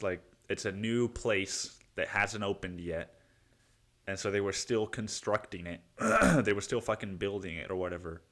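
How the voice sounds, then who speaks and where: A man's voice: sits low, fairly bright tone. A young man hosting a casual solo podcast, rambling and swearing freely, poking fun at himself and calling the listener "dude" and "man". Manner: rambling, profane, self-mocking, says "dude" and "man" a lot. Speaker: podcast host.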